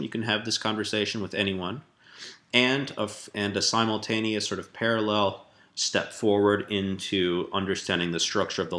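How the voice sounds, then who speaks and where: A man giving a relaxed spoken language lesson, explaining step by step with fillers and rephrasing. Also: low-pitched. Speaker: language teacher.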